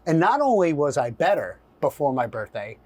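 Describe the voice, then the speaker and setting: A middle-aged man telling a story in an interview, animated and acting out voices and asides. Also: on the high side, normal speed, dry recording. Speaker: guest.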